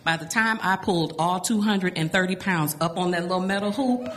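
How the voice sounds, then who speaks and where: A middle-aged woman telling a personal story to an audience, animated and laughing often between lines. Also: lowish voice, brisk, a little hiss or hum.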